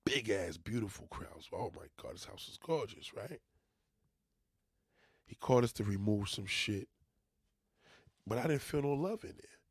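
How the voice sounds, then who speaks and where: Gravelly, husky man venting bluntly. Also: on the low side, expressive, unhurried, pauses often, dry recording, clean studio sound. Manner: profane, emphatic venting. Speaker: junk removal business owner. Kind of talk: casual rant to camera.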